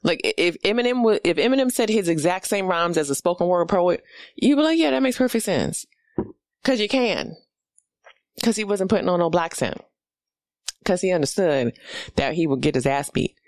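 On her podcast, a New York comedian in her forties delivers a blunt, profane, casual monologue. Her lowish voice is animated and moves at normal speed, with no room sound.

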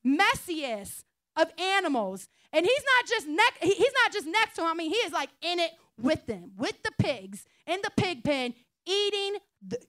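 A woman pastor giving a lively, chatty sermon, joking and acting out quotes. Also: extremely high pitch. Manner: lively, chatty preaching with jokes and acted-out quotes. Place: church.

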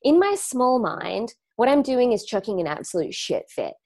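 A woman's voice: a little high, very animated, normal speed, a little mellow. A woman with an Australian accent giving a live online talk to students, speaking reflectively and conversationally, with frequent fillers and restarts. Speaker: wellness teacher.

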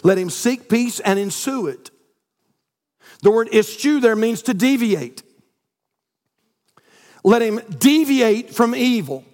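A man, preaching a sermon as pastor, climbing to near-shouts and dropping to soft prayer. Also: extremely high pitch, lively intonation, takes it slowly, long pauses. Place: church sanctuary. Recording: long reverb in a church hall.

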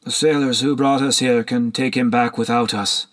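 A man's voice: medium pitch, fairly even intonation, moderate pace, a bit bright, lightly acted. A zealous monk who leads his brothers presses his case without giving an inch, as a man reading the story gives him voice. His tone is firm and insistent, bordering on fanatical. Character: zealous, stubborn male monk leader.

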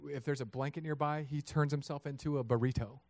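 A man in his thirties preaching a sermon, lively and acting out voices of God and people in his story. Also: a little high, fairly quick, dry recording. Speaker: pastor.

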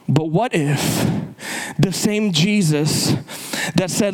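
A man preaching a sermon, impassioned, repeating words and swinging his pitch up and down for emphasis. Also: a little slow, poor audio.

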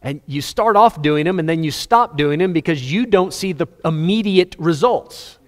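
A man preaching a sermon with passion, rising to loud appeals and dropping to hushed, low passages. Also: expressive, normal speed. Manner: impassioned, swinging between loud high-pitched appeals and hushed low passages. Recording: long reverb of a large hall.

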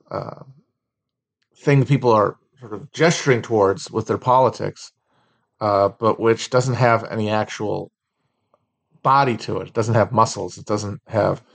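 A man hosting a casual livestream chat, talking slowly with many fillers and restarts. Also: on the low side, vocal fry. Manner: sings a song loosely at the start. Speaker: livestream host.

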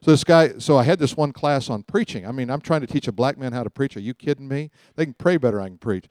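Joking, animated male Bible teacher. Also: medium pitch, fast talker, dry recording, clean studio sound. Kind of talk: teaching sermon.

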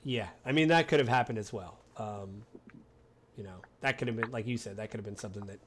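A man co-hosting a casual film chat, animated and playfully acting out quoted lines. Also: fairly low pitch, fast talker, noisy background. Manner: animated, acts out quoted lines in funny voices. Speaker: podcast co-host discussing a film.

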